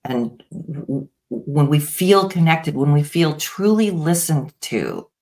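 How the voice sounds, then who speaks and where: Slow-spoken, low-voiced woman therapist. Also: very animated. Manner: gentle, unhurried, with many pauses and restarts. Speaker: IFS practitioner, guest. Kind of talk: explanatory interview talk.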